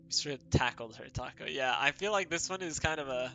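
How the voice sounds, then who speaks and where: A man commenting on a story game for a live stream, chatty and quick to exclaim. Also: mid-range voice, gravelly, pushed and bright, a little hiss or hum. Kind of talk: let's play commentary.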